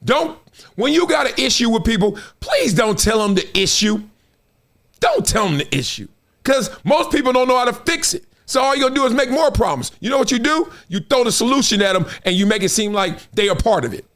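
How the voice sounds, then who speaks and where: A middle-aged man from Compton, hosting a livestream and telling stories in slangy, animated talk. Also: very high voice, brisk. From Compton, Los Angeles. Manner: storytelling, slangy, acts out others' voices. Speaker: host.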